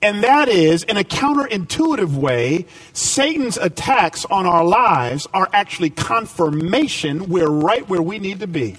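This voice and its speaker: A man preaching a sermon as pastor, climbing to emphatic points and dropping to a quiet storytelling tone. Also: high voice, very animated, measured pace, hardly any pauses, distant mic.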